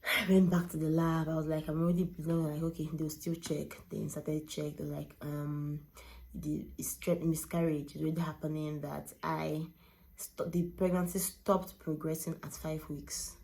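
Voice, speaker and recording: Low, gravelly-voiced woman vlogger. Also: level tone, moderate pace, a little mellow. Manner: candid, emotional, retelling with quoted dialogue. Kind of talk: personal storytelling to camera.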